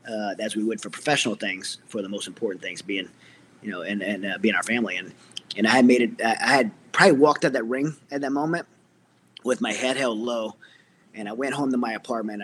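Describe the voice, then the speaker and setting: A man's voice: medium pitch, a bit bright, a little hiss or hum. A middle-aged man, a military veteran, earnestly telling his personal story as an interview guest, with many restarts.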